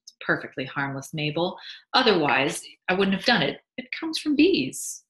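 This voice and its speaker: A woman's voice: on the low side, sing-song, moderate pace, a bit bright. A woman voicing a sly, boastful male beekeeper who teases his wife, in a read-aloud story. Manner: teasing, pleased with himself. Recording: echoey room.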